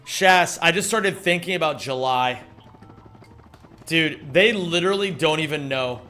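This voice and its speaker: A man streaming a game speedrun, chatting casually with his chat, swearing and bursting into excited shouts. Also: a little high, a little slow, faint music behind. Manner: reads chat aloud, swears, excitable outbursts.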